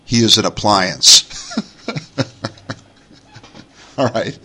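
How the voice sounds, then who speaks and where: Deep-voiced New York podcast host. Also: male voice, extremely slow, pushed and bright, husky. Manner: rambling and chatty, with many fillers and restarts. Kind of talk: casual podcast monologue.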